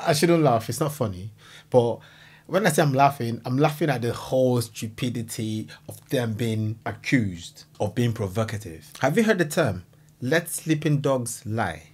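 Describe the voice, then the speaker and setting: Guy reacting to a vid, excitable, laughs a lot, kinda husky. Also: medium pitch, moderate pace. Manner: animated, exclaiming, laughing. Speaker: reaction host. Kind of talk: casual reaction commentary.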